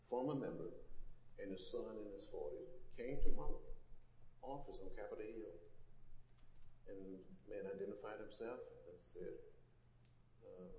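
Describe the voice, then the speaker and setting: A man in his seventies, a congressman, answering questions on stage in slow, earnest, measured stories. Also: on the low side, a little hiss or hum. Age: 70s. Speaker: congressman and guest. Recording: dull, echoey hall.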